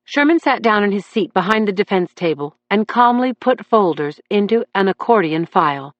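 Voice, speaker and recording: A woman reading a crime novel aloud in a measured, even narration. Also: medium pitch, no room sound, lo-fi sound. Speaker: audiobook narrator.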